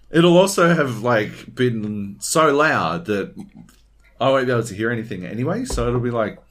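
On a laid-back gaming podcast, this male co-host speaks in a mid-range voice at a measured pace. Animated and foul-mouthed, he performs other people's lines as he quotes them.

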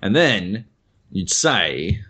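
A man's voice: deep voice, big pitch swings, extremely slow, sharp tone, breathy edge. A young Australian man, a podcast co-host, rambling through a casual chat and swearing freely.

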